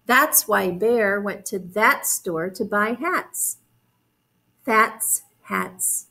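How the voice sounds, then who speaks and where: A woman's voice: mid-range voice, creaky, rough recording. A woman reading a storybook aloud to young children, explaining words and asking them questions. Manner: warm, slow, encouraging, explains words.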